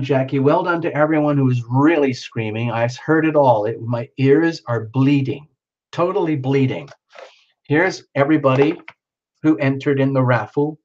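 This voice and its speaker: Male livestream host, mid-pitched, playful and chatty with his viewers, lo-fi sound. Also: darkish tone. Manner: playful, chatty, reacting to comments. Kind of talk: casual livestream chat with viewers.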